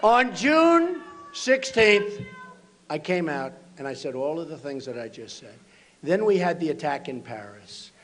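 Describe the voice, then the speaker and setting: A man in his sixties giving a campaign rally speech at a podium, repeating short punchy phrases and breaking into shouts. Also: fairly high pitch, very animated, a little slow. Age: 60s. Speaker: political candidate at a rally. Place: large rally venue.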